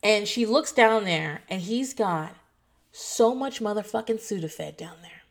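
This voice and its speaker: A woman in her thirties telling a story in a casual vlog, animated and profane, acting out what others said. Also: medium pitch, unhurried. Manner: animated, swearing, quotes others in voices. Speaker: foster parent telling a story.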